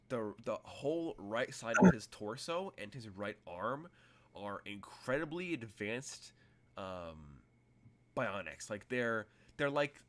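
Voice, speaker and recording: A man narrating as game master in a tabletop role-playing game, rambling through vivid, detailed scene descriptions. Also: lowish voice.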